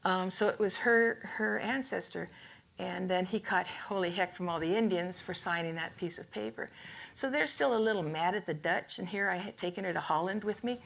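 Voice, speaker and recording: Older woman, gravelly, rambling funny lecture, laughs a lot, talks to a live audience. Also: lowish voice, normal speed, fairly bright tone. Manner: chatty, laughs often, self-interrupting. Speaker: artist giving a lecture. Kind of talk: rambling humorous storytelling talk.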